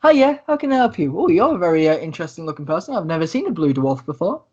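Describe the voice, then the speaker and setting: A woman's voice: fairly low pitch, very animated, quick pace, darkish tone, breathy edge. A man voicing a chatty, friendly human witch of about forty who calls people love, on a dull lo-fi recording.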